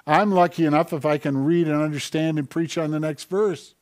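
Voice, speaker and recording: A male pastor preaching a conversational sermon in a church, building up to forceful questions. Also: on the high side, steady tone, brisk.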